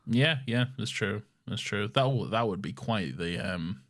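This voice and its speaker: A man's voice: on the low side, expressive, a little slow, fairly bright tone. A young man co-hosting a fan podcast in casual chat, rambling with lots of ums as he hunts for his notes. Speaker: podcast co-host.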